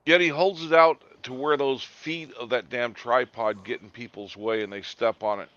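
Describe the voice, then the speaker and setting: A man's voice: medium pitch, fairly even intonation, moderate pace, few pauses, fairly bright tone, no echo. A man co-hosting a casual commentary chat, making dry, sarcastic asides. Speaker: co-host. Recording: dull lo-fi sound.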